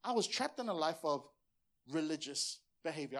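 A man's voice: fairly high pitch, very animated, normal speed, a bit bright. A man in his forties from Samoa, a pastor preaching a sermon in an earnest, passionate way and often repeating words as he presses a point.

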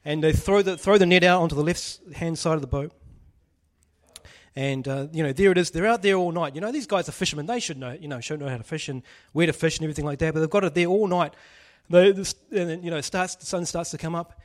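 A man's voice: on the high side, quick pace. Chatty man preaching. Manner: chatty, jokey, asks the audience questions. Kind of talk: casual sermon.

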